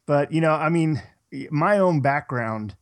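A man's voice: a little high, lively intonation, a little slow. A man from Minnesota and the Boston area, co-hosting a podcast in casual, rambling chat with frequent restarts. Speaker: podcast co-host.

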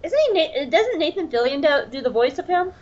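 A chatty woman co-hosts a casual podcast from her bedroom, rambling with frequent fillers and bursts of laughter. Her voice sits a little high for a woman. The remote audio sounds slightly dull and muffled. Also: animated, fairly quick. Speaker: podcast co-host.

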